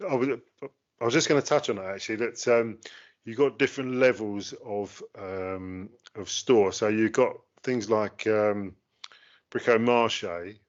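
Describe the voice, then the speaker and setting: A man co-hosting a casual chat, talking in a hesitant way with many pauses and fillers. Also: fairly low pitch. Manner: hesitant, lots of ums and uhs. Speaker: co-host. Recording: dull lo-fi sound.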